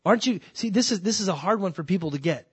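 A man preaching a sermon, animated and emphatic, acting out quoted voices as he teaches from scripture. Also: high-pitched, quick pace, slightly rough, dry recording. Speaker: pastor.

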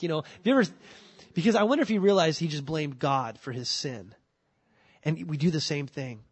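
A man delivers a sermon in a fairly high voice. He talks casually and with energy, acting out people's excuses in quick voices before coming back to his point. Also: breathy edge. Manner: animated, acts out quoted excuses in voices. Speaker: pastor.

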